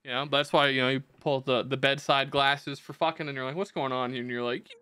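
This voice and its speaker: Brash, bright-voiced young man ranting. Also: mid-range voice, level tone, a little fast, clear, resonant tone, no echo. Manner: profane, brash, rambling storyteller. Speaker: podcast host. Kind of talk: crude comedic rant.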